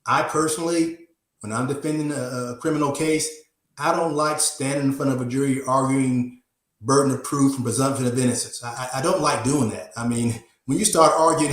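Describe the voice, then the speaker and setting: Echoey-voiced defense attorney guest. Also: male voice, mid-range voice, a bit bright. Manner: measured, repeats words while thinking. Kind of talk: conversational legal analysis.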